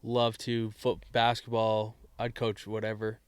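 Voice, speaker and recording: A man's voice: lowish voice, completely flat delivery, measured pace, clear, resonant tone, dry recording. A man in his thirties with a New England accent, chatting easily as a podcast guest and laughing often. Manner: easygoing, laughs often, short reactions. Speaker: podcast guest, basketball coach, dad. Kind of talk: casual chat.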